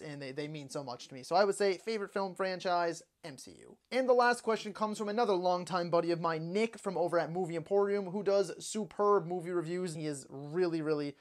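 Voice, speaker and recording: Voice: mid-range voice, a little fast, few pauses. A young adult in their twenties hosting a casual question-and-answer vlog as a movie channel host, chatting loosely with lots of "like" fillers and self-corrections. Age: 20s.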